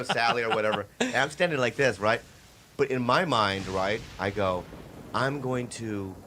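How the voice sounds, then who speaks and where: A man co-hosting a comedy podcast, playful and teasing, with a background hiss. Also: sharp tone. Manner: playful, teasing, swings up into high joking voices. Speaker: podcast co-host. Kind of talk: casual comedic banter.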